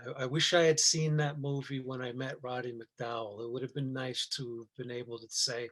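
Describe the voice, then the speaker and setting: Middle-aged male guest, casual chat, halting and rambling, mid-pitched. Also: fairly even intonation, a bit bright. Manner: rambling, halting, many restarts and fillers. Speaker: guest actor.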